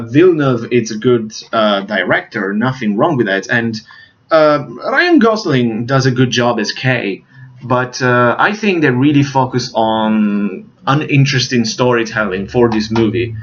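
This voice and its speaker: A man's voice: mid-range voice, a bit bright. Rambling man reviewing films, lo-fi. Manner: rambling, searches for names, many fillers. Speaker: movie reviewer. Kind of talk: casual movie review.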